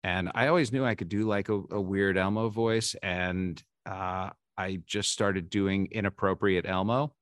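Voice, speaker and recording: A man in his forties with a low voice, speaking as a podcast guest in a dry room with little reverb. He tells candid, self-deprecating stories and often stops and restarts his sentences. The talk is loose and conversational. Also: fairly even intonation, unhurried, hardly any pauses. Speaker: podcast guest, baseball insider. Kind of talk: casual interview storytelling.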